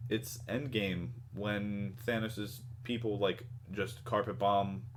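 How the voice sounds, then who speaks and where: A man's voice: on the low side, steady tone, takes it slowly, a little hiss or hum. A man co-hosting a casual podcast chat, laid-back, with many short agreeing replies. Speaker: podcast co-host.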